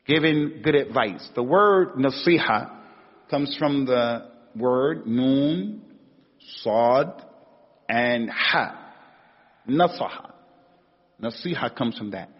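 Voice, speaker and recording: This American religious teacher speaks slowly with frequent pauses, his medium-pitched voice husky but lively in intonation. His Islamic lecture is emphatic, with repeated key words and sharp rises on rhetorical questions, recorded in a dull, echoey hall.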